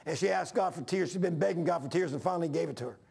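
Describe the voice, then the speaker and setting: A man's voice: fairly high pitch, racing, vocal fry, a little mellow, breathy edge. A man in his sixties preaching a folksy, repetitive sermon to his church. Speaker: pastor.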